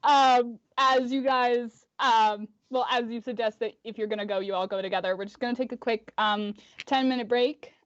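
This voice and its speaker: A woman's voice: a little high, steady tone, normal speed, hardly any pauses, no room sound. Hesitant woman game master on a call. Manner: hesitant, many ums. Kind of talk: running an online tabletop game. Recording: dull dry call audio.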